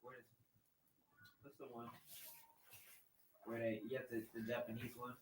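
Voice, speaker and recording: A man's voice: mid-range voice, completely flat delivery, normal speed. A man chiming in with short questions during a casual chat. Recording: distant echoey room with faint noise.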